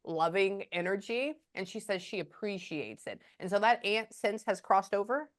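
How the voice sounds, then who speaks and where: A woman giving a psychic reading over a video call, halting often with quiet murmured asides. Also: mid-range voice, animated. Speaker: psychic medium.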